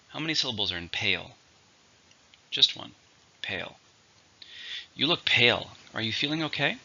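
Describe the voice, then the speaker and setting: Bright-voiced man teaching vocabulary. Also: lowish voice, muffled recording. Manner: slow, clear, repeating each word for learners. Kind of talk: scripted vocabulary lesson.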